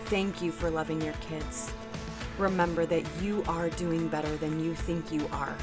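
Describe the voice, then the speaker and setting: A woman's voice: deep voice, little pitch movement, moderate pace. A woman podcast host giving a bubbly, emphatic outro. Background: music.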